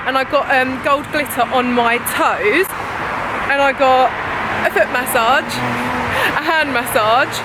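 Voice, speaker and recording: A young woman vlogging to a handheld camera, gushing and excitable, often gasping and laughing. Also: sits high, noisy background. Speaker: beauty vlogger. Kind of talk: casual vlog to camera. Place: hotel room and city streets.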